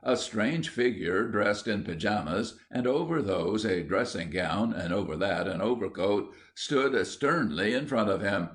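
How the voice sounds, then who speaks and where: A man narrating a children's storybook in an even storytelling manner. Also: lowish voice, unhurried, few pauses. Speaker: audiobook narrator. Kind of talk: scripted narration.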